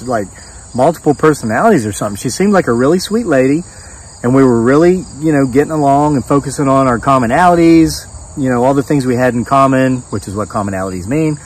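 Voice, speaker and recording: A man's voice: mid-range voice, very animated, brisk, husky, recorded from a distance, low-quality recording. A middle-aged man telling a rambling story as a homesteading vlogger, with restarts and bits of quoted dialogue. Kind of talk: casual storytelling monologue. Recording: voice set back from the mic.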